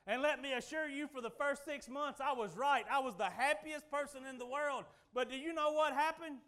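A middle-aged man preaching a sermon, telling folksy stories and swinging from loud declarations to quiet asides. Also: very high-pitched, moderate pace.

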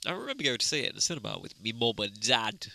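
A man's voice: mid-range voice, very animated, racing, creaky, pushed and bright. A young man hosting a casual podcast chat, playful, laughing often and swearing casually. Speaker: podcast host.

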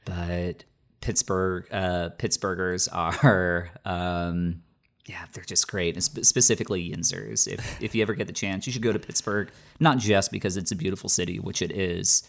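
Man, very deep voice, casual chat, rambling, many fillers. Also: fairly even intonation, moderate pace. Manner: rambling, full of fillers and restarts.

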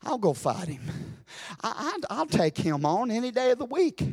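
A preacher voicing the young shepherd David, making bold, fiery declarations that build into shouts. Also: male voice, extremely high pitch, sing-song, normal speed, exaggerated voice. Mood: defiant.

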